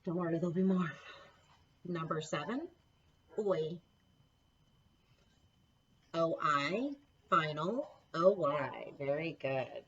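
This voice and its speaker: A woman's voice: sits low, animated, slow pace, pauses often, fairly bright tone, slightly rough, highs cut off. A woman teaching a recorded phonics lesson to children, patient and encouraging, spelling out letter sounds one by one. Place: home classroom setup with a board.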